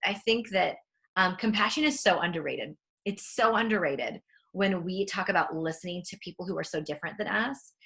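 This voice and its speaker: A woman interviewing a guest in a measured, earnest way, with frequent fillers. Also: fairly low pitch, creaky, pushed and bright. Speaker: interviewer, author. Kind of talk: conversational interview.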